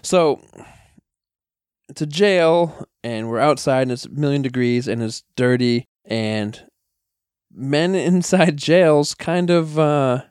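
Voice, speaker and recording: A man's voice: a little high, slow pace, darkish tone, clean tone, no room sound, clean studio sound. A man telling a story in casual podcast chat, rambling with many fillers and frequent laughs. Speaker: podcast guest, wrestler.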